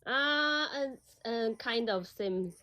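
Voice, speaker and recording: Woman, chinese is her first language, kinda high voice, slow, short unsure answers. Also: lively intonation, bright, forceful tone. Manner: hesitant, short answers, laughs often. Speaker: guest. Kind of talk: casual chat.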